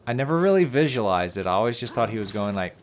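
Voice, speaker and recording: A man's voice: lowish voice, quick pace, a little hiss or hum. A man playing through a game on a let's play, chatting casually and telling stories with laughter. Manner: animated storytelling, laughs, mimics people. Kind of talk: casual gaming commentary.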